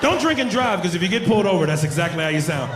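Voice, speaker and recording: Loud, high-voiced man doing stand-up. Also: rapid-fire, a crowd in the background. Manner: loud and animated, shouting punchlines and doing silly voices. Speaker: stand-up comedian. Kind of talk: live stand-up routine. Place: comedy club stage. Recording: roomy live venue with audience noise. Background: audience laughter.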